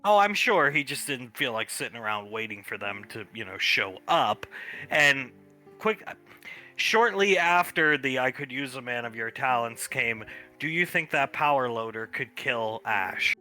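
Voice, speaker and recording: A man's voice: mid-range voice, sing-song, measured pace, pushed and bright, faint music behind. A man chatting in character during a tabletop role-play, telling a story with laughs and narrating his own actions.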